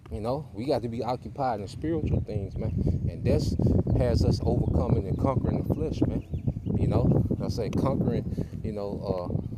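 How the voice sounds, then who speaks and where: A man teaching scripture in a loose, conversational preaching style, stopping often to check in with "okay?" and "man." His voice sits at a middle pitch. Loud background noise runs under everything. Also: moderate pace. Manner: casual preaching, tags lines with "man" and "okay". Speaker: teacher of a Bible study group. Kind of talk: informal sermon teaching.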